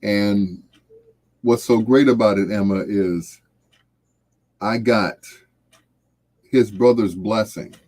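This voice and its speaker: A man hosting a late-night radio show, talking in a slow, reflective, heartfelt way and trailing off softly. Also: lowish voice. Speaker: radio host.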